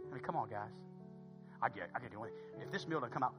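A pastor preaching a sermon in church, telling a story with passion and swinging from hushed asides to loud, emphatic peaks. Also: male voice, medium pitch, animated, quick pace, over music.

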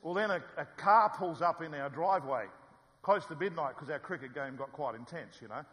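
An older man telling a personal story to an audience, lively and self-mocking, acting out what he said back then. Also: fairly high pitch, fairly quick. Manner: lively, self-mocking, acts out his own past lines. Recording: reverberant hall.

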